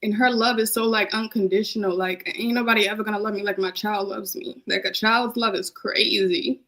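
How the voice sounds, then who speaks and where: A woman's voice: mid-range voice, fairly even intonation, brisk, a bit bright, low-quality recording. Emotional young woman, casual heartfelt talk. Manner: emotional, heartfelt, repeats phrases. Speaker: podcast guest. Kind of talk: casual chat.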